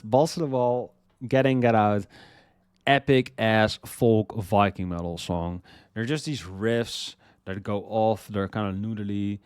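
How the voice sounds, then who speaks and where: Smooth, dry-voiced man rambling about music. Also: lowish voice, no echo. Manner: rambling, repeats words, swears freely, excitable. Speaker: music list host. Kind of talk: casual music commentary.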